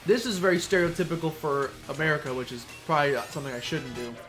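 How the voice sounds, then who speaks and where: Man, high voice, chatty gameplay commentary, playful asides, faint game music behind. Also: fast, fairly bright tone. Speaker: let's play streamer.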